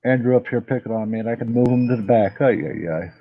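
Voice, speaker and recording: A man's voice: medium pitch, little pitch movement, fast, a little hiss or hum. A man hosting a casual online panel, teasing and swearing freely. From United States. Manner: teasing, profane. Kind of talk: casual group chat. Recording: muffled, dull online audio.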